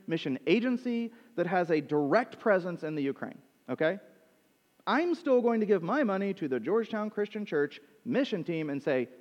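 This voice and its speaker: A man preaching a sermon as pastor, conversational and animated, moving between quick asides and slow, emphatic lines. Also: a little high, big-room sound, muffled recording.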